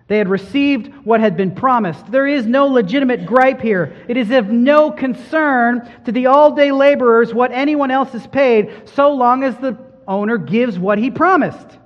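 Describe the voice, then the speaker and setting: A man preaching a sermon, building to emphatic peaks and dropping to quiet, soft lines. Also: very high-pitched. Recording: dull sound with long hall reverb.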